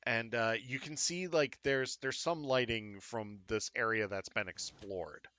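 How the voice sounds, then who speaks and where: A man's voice: mid-range voice, unhurried, sharp tone, no echo. A man narrating as game master for a tabletop game, rambling and joking at his own expense with many fillers.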